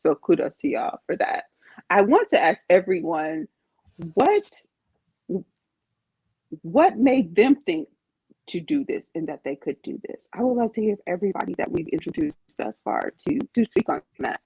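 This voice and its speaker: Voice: medium pitch, big pitch swings, moderate pace, gravelly, darkish tone, slightly rough, no echo, muffled recording. A podcast host leading a casual group chat, encouraging the guests and putting questions to everyone.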